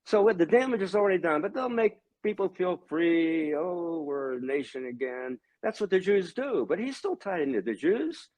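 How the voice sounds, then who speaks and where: Animated, emphatic older man. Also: normal speed, hardly any pauses. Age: 70s. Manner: emphatic, ranting, swinging pitch and loudness. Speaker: guest, religious brother. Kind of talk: heated conversational monologue.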